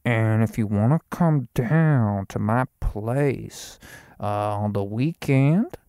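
A man's voice: fairly low pitch, slow pace, mellow, clear, resonant tone, no room sound, clean studio sound. A man putting on a laid-back guy who invites people to his place for the weekend, drawling and hesitating with "uh". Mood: easygoing.

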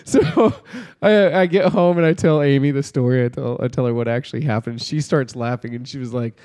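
A man's voice: medium pitch, a little fast, darkish tone, clear, resonant tone. A man on a casual podcast telling a rambling story, laughing often and restarting his sentences. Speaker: podcast co-host. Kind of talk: casual chat.

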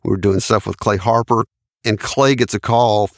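A man's voice: on the low side, fairly even intonation, normal speed, no room sound. A man, a studio engineer and producer telling anecdotes in an interview and laughing often. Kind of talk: storytelling in an interview.

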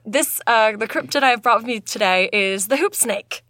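A woman's voice: fairly high pitch, normal speed, pushed and bright. A young woman co-hosting a casual podcast, rambling and giggling between thoughts. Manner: giggly, rambling, self-interrupting. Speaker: podcast co-host. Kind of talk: casual chat.

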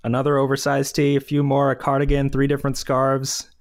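A man's voice: medium pitch, monotone, brisk. A young man co-hosting a casual chat, playfully reading passages aloud and laughing often.

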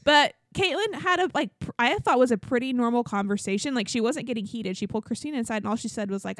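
A woman's voice: fairly high pitch, expressive, fast, hardly any pauses, no echo, studio quality. A woman co-hosting a podcast, chatting casually and filling her talk with likes and ums. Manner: chatty, lots of likes and ums, acts out quotes. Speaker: podcast co-host. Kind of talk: casual chat recapping reality TV.

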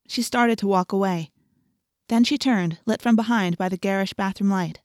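A woman reading a first-person audiobook in a steady, intimate storytelling manner. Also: medium pitch, normal speed, dry recording, clean studio sound. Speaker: audiobook narrator.

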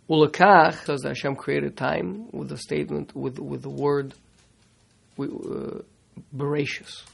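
A man teaching a Torah class, halting and repeating words, mixing Hebrew terms into his English. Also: a little high, creaky, husky.

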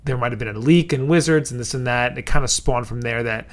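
A man's voice: medium pitch, quick pace. A man co-hosting a podcast, explaining at length with hesitant restarts and some teasing. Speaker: podcast co-host. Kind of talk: casual chat, explaining.

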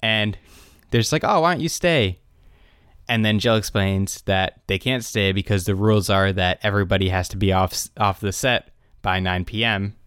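Young male podcast co-host, animated recap, smooth clear tone, dry close sound. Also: sits low, moderate pace, dry recording. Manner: animated retelling, quotes characters in raised voices. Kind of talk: casual chat.

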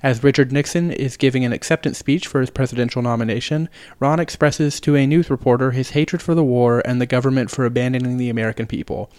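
Young guy reading plot recap, dry close mic, steady. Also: mid-range voice, quick pace, few pauses, no echo. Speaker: podcast co-host.

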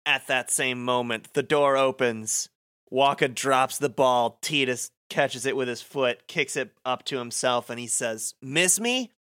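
A man's voice: medium pitch, fairly even intonation, measured pace, pushed and bright, clean tone. A man co-hosting a podcast, recapping a video game in casual, joking chat and swearing now and then. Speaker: podcast co-host.

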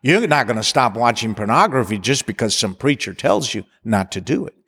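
A man's voice: medium pitch, animated, a little fast, gravelly, fairly bright tone, husky, big-room sound. A man preaching a sermon, building to passionate appeals and mixing in humor. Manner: preaching with rising intensity and leading songs. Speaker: pastor.

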